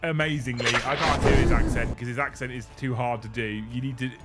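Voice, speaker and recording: A man's voice: medium pitch, fairly even intonation, fast talker, over loud music. A young man hosting a live stream, thanking viewers, joking, swearing and laughing often. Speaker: livestream host. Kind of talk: casual live-stream chat.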